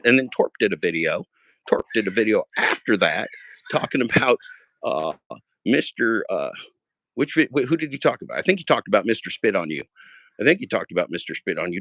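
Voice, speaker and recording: Low-voiced rambling man in his fifties. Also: animated, brisk, dry recording. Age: 50s. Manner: rambling, profane, repeats phrases, swings loud and high when worked up. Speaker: livestream host. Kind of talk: casual livestream monologue.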